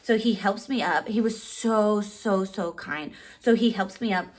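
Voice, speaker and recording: Animated woman in her thirties telling a story. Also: measured pace. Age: 30s. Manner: animated, heavy use of "like"; acts out quotes with big pitch jumps. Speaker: vlogger. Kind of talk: casual storytelling.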